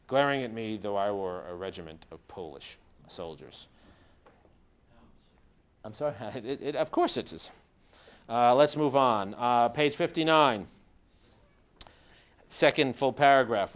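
A man giving a lecture, reading passages from a diary aloud and stopping now and then to explain. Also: mid-range voice.

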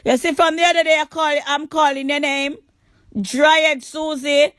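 A woman with a Jamaican accent ranting on a phone livestream, crude and taunting, repeating insults and sometimes shouting. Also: high voice, steady tone, moderate pace, no echo, studio quality. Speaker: livestream host. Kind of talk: angry livestream rant.

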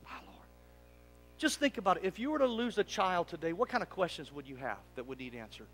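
A male pastor preaching a sermon, asking his congregation to answer back and swinging from loud emphatic lines to quiet asides. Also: high voice, expressive, brisk, slight background noise. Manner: preaching, calling for congregation responses. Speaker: lead pastor. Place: church sanctuary. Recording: long reverb of a church sanctuary.

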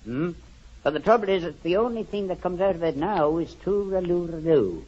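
A man with a Dublin Irish accent, performing in a scripted radio comedy with a lilting, animated delivery. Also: sits high, brisk, husky. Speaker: comic guest. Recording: dull 1940s radio broadcast with hiss.

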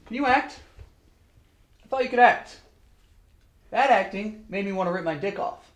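A young man playing a bossy, exasperated film director who yells orders. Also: high-pitched, normal speed. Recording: echoey room with faint noise.

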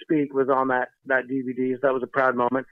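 A man guesting on a podcast over speakerphone, chatty and rambling, talking a bit fast and with a slight lisp from dental work. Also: medium pitch, completely flat delivery, no room sound. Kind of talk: casual chat over speakerphone. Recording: dull speakerphone line.

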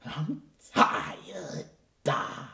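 A man's voice: fairly high pitch, big pitch swings, very slow, gravelly, bright, forceful tone, reverberant, heavily acted. A man playing a washed-up, self-pitying male soul crooner in a comedy character monologue, melodramatic and pleading, dropping at times into whispers. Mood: rambling, boastful. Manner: melodramatic, pleading, addresses the audience, drops to whispers.

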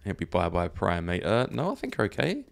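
A man's voice: on the low side, huge pitch swings, a little fast, vocal fry. A man chatting casually while he plays a zombie survival game, thinking aloud and laughing often. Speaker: gaming YouTuber. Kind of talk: let's play commentary.

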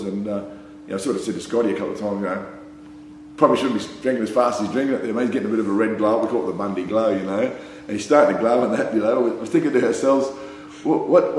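Here an Australian-accented man recounts a casual story, full of fillers such as "you know" and "mate," laughing as he rambles. His voice is on the low side and darkish. A faint hum sits in a very echoey room.

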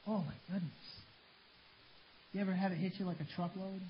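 A man's voice: sits high, steady tone, brisk, long pauses. A man preaching a sermon as pastor, fervent and plain-spoken. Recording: dull lo-fi sermon recording with faint hiss.

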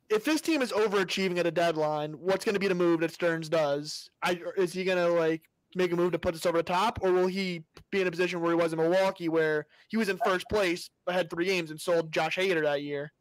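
A man co-hosting a casual sports podcast, talking through his views in a measured, analytical way. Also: high voice, no echo, low-quality recording. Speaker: podcast co-host.

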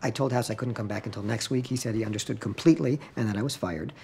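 A man's voice: lowish voice, fast talker, gravelly, noisy background. An actor playing a doctor and father of two who talks in a dry, wry way.

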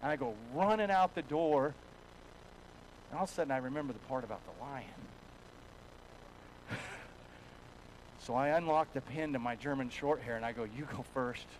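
A man preaching a sermon as a pastor in a church, telling a folksy story and swinging between hushed and loud passages. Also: mid-range voice, moderate pace, long pauses, a little hiss or hum, poor audio.

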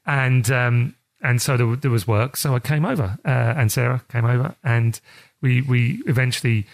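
A man's voice: medium pitch, normal speed, gravelly. A middle-aged man with a South East London accent, chatting casually in an interview, rambling with many restarts. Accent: South East London English. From South East London, England. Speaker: charity chief executive.

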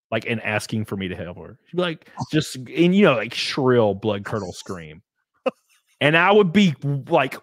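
A man's voice: mid-range voice, dry recording, studio quality. A young man telling long, rambling stories in casual chat, swearing a lot and laughing often. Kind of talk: casual storytelling.

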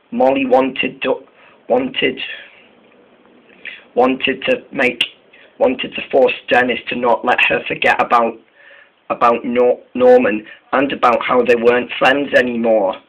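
Halting male storybook reader. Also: mid-range voice, steady tone, fairly bright tone, poor audio. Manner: halting, many restarts and repeated words. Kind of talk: storybook narration.

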